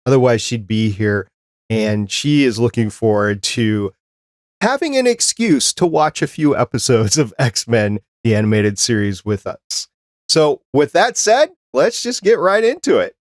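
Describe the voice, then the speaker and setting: A man's voice: medium pitch, sing-song, unhurried, dry recording, clean studio sound. A man hosting a casual podcast chat, talking in an easygoing, rambling way. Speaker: podcast host.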